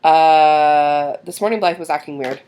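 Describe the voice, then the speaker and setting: A woman's voice: deep voice, unhurried, dark tone, slight background noise. A woman in her thirties, a mother, talking in a casual confessional vlog while doing her makeup, rambling and hesitant with sighs and fillers. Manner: rambling, hesitant, self-doubting. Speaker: mother and vlogger.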